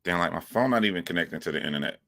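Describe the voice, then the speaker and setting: A man with a very low, bright and forceful voice chats on a livestream from his phone at home. He rambles, restarts his sentences and talks straight to viewers. The sound is dry and close. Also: animated, rapid-fire, gravelly, no echo. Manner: rambling, self-correcting, chatty. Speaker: YouTube livestream host. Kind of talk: casual livestream monologue.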